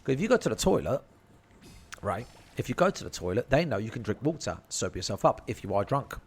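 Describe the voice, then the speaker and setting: A man's voice: medium pitch, very animated, quick pace, husky. A man telling a rambling, slang-filled story and swearing freely. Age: 30s. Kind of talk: casual storytelling.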